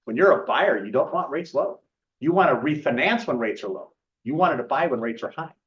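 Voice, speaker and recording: Blunt, brash loan officer. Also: male voice, mid-range voice, expressive, brisk, a bit bright. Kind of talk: casual sales talk to a meeting. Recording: muffled lo-fi sound.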